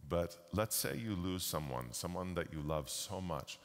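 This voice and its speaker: Very deep-voiced man in a reverberant hall. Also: animated. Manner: slow, deliberate with pauses. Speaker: keynote speaker. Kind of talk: storytelling keynote talk. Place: large conference hall.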